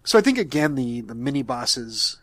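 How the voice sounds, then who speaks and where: A man's voice: medium pitch, very animated, moderate pace, fairly bright tone, dry recording. Hesitant man in a dry room. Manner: hesitant, repeats words often. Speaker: podcast co-host. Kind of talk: casual movie review chat.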